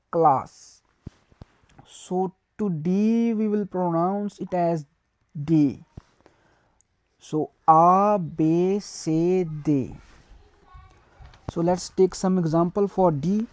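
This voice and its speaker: Teaching beginners a language, a woman speaks in a lowish voice with a dark tone and no room sound. Slowly, she says each word more than once and then spells it letter by letter.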